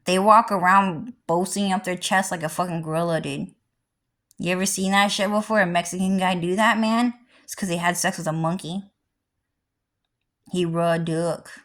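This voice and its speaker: A woman vlogger ranting in a rambling, heavily profane way, jumping from loud outbursts to low mutters. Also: steady tone, a little fast. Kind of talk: rambling livestream rant.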